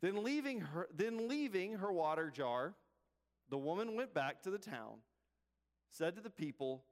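An earnest male pastor preaching in a fairly high voice, moving from scripture to prayer to storytelling. His words echo with long reverb through a church hall. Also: lively intonation, unhurried. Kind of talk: sermon.

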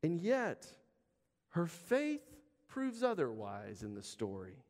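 A man preaching a sermon as pastor, talking in a conversational way with emphatic pauses. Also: fairly high pitch, huge pitch swings, darkish tone, in a large hall.

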